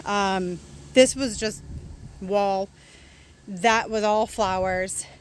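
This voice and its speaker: A woman chatting casually and excitedly while showing her backyard garden plants outdoors. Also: medium pitch, drawn-out words, a little hiss or hum. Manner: chatty and excitable, laughs easily. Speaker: gardening vlogger.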